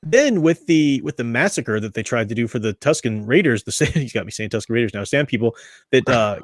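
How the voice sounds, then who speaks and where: A man's voice: medium pitch, expressive, a little fast, no room sound, studio quality. A man hosting a casual book discussion, talking in a rambling, chatty way with frequent restarts. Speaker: book study host.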